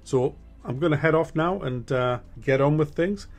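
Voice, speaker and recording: A man's voice: a little high, moderate pace, darkish tone, faint music behind. A middle-aged man talks straight to his viewers on his gaming channel. He is chatty and frank, often trips over and restarts his sentences, and swears now and then. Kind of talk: casual monthly update to viewers.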